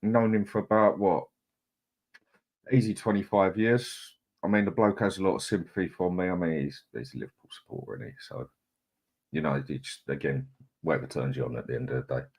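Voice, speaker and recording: A man's voice: sits low, fairly quick, a little mellow, breathy edge. A middle-aged man, hosting a casual live chat, greeting viewers in a chatty, laid-back way. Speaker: livestream host.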